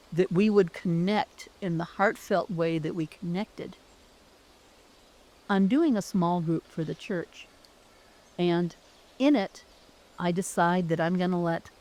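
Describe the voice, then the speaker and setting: A woman's voice: lowish voice, a little mellow. Earnest woman telling a heartfelt story. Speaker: former teacher. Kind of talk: personal storytelling.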